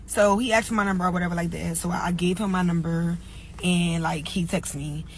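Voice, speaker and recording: A woman's voice: fairly low pitch, fairly even intonation, a little fast, a little hiss or hum, rough recording. Chatty young woman telling a story. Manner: chatty, lots of "like" and "or whatever". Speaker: storyteller in a clip. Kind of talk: casual storytelling.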